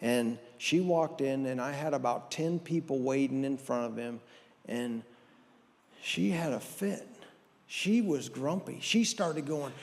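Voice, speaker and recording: Folksy high-voiced man doing stand-up. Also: measured pace, big-room sound. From American Southwest. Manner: folksy, self-deprecating, acts out others' lines. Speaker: stand-up comedian. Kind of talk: stand-up storytelling. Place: church hall with audience.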